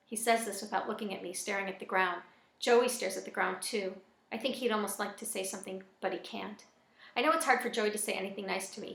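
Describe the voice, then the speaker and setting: A woman reading a first-person novel aloud in a plain, even storytelling manner. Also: medium pitch, gravelly. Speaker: audiobook reader. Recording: echoey room.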